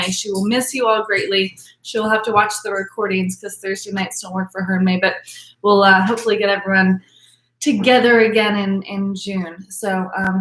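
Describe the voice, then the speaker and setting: A woman's voice: medium pitch, fairly bright tone. A young woman, hosting a live-streamed virtual wine tasting class in an upbeat, chatty way, with lots of fillers as she greets viewers by name. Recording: echoey room.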